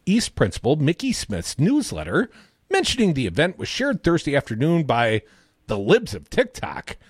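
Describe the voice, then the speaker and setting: A man co-hosting a talk radio show, opinionated and sarcastic, with animated swings in his delivery. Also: medium pitch, slightly rough, no room sound, clean studio sound. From Madison, Wisconsin. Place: radio studio.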